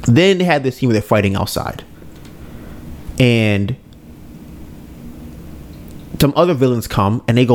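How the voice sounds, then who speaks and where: A man chatting casually on a podcast, retelling a show scene by scene. He is an animated storyteller who slips into the characters' voices and checks in with his listeners as he goes. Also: mid-range voice, a little slow, pauses often. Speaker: podcast co-host. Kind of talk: casual chat retelling an anime.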